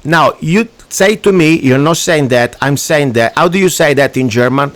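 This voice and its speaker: Italian guy ranting on his radio show, kinda high pitched, choppy english. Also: animated, moderate pace, dry recording. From Italy. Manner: ranting, emphatic, broken English. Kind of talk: opinionated radio talk.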